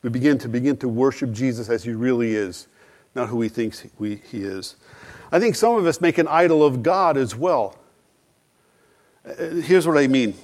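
A man's voice: mid-range voice, lively intonation, moderate pace, a little mellow. A middle-aged man preaching a sermon, earnest, asking rhetorical questions and acting out quoted dialogue. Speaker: pastor.

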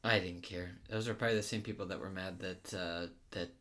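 A man's voice: deep voice, fairly even intonation, brisk, fairly bright tone. A man co-hosting a casual podcast, talking about a film in a rambling way with many fillers. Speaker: podcast co-host. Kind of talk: casual movie discussion.

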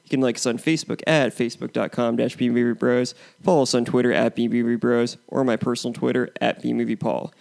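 A man co-hosting a movie podcast, giving prepared points and show plugs in a steady way. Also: mid-range voice, quick pace, gravelly, hardly any pauses. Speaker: podcast co-host. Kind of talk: casual movie review chat.

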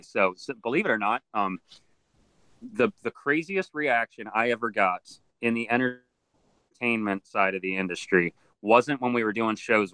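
A man who works with alligators and crocodiles tells stories in a casual interview, slipping into other people's voices as he goes. His voice sits a little low and sounds bright and crisp. The sound is dry and close. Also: no echo, rough recording. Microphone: video call.

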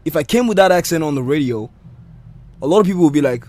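Animated man with a polished radio accent. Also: fairly high pitch, fast talker. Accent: polished radio-style English accent. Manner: animated, defensive, repeats himself when making a point. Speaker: radio presenter, podcast guest. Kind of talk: casual argumentative chat.

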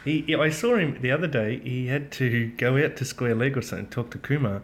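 A man's voice: medium pitch, brisk. A man chatting casually as a podcast co-host, rambling and hesitant with many ums. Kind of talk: casual chat.

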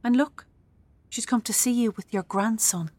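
An actress playing a calm female support worker who reassures a family. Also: a little high, moderate pace, no echo, lightly acted. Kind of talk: film drama acting.

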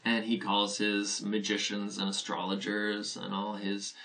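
An earnest male pastor delivers a sermon in an easy, conversational way, often turning to rhetorical questions. His voice sits on the low side. He stands some distance from the microphone, so he sounds a touch remote. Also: completely flat delivery, unhurried, bright, forceful tone.

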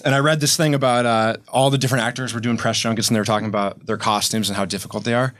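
A man's voice: mid-range voice, steady tone, rapid-fire, fairly bright tone, no room sound, studio quality. A man co-hosting a casual podcast chat, laid-back and profane, laughing often as he tells stories. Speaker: podcast co-host.

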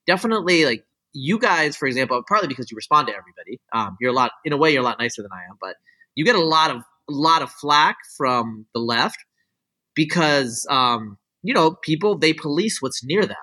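A man's voice: fairly high pitch, lively intonation, fairly quick, pushed and bright. A man talking as a guest scientist in a casual interview, rambling and opinionated, full of fillers. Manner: rambling, heavy on "like" and "you know" fillers; opinionated, explaining his views at length.

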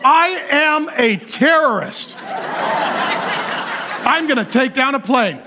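A pastor delivering a humorous sermon, telling stories in an animated way and often laughing as he talks. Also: extremely high pitch, takes it slowly, very noisy.

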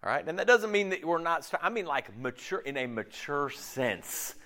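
A middle-aged pastor preaches in a loose, conversational way, full of slang and quick check-ins with the room. His voice sits a little on the high side, and his pitch jumps around animatedly as he restarts his sentences. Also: big pitch swings, sharp tone. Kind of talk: casual conversational sermon.

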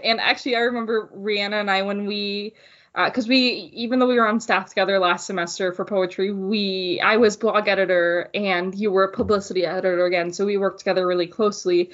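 A woman's voice: mid-range voice, brisk, a bit bright. A young adult woman leads a casual group discussion, bubbly and giggly, heard over a remote call. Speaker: discussion moderator. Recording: dull, lo-fi sound.

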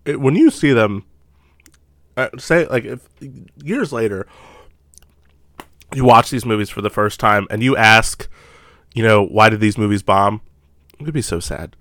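A man's voice: on the low side, expressive, unhurried, pauses often, a bit bright, no echo, studio quality. A man co-hosting a podcast in casual chat, upbeat and joking. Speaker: podcast co-host.

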